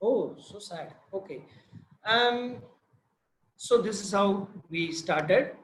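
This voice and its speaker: High-voiced Indian man on a video call. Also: slow pace, a little hiss or hum. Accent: Indian English. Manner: animated storytelling, quizzes listeners. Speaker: field biologist sharing research. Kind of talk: informal talk on a video session. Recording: roomy echo.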